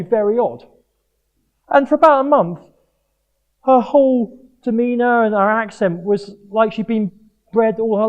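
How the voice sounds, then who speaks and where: A middle-aged man from Jersey giving a sermon at a Christian sports event, earnest and animated with self-mocking humour. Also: high voice. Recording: dull lo-fi live talk recording.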